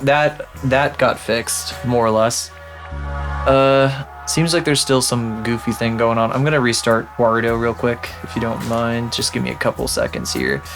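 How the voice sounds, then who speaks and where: A man live-streaming from his home setup into a desk microphone, chatting casually in a rambling, self-deprecating way and grumbling at his own software. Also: medium pitch.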